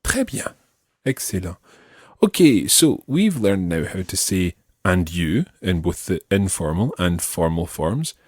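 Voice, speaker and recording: Man teaching slowly. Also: low voice, darkish tone, no echo, clean studio sound. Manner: slow, deliberate, repeats phrases for learners. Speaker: language teacher. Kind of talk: scripted audio lesson.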